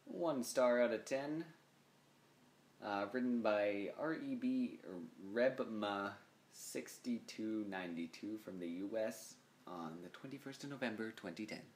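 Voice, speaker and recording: A man's voice: lowish voice, unhurried, a little mellow, reverberant, a little hiss or hum. A young man co-hosting a podcast in casual chat, dry and hesitant, with many fillers. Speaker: podcast co-host.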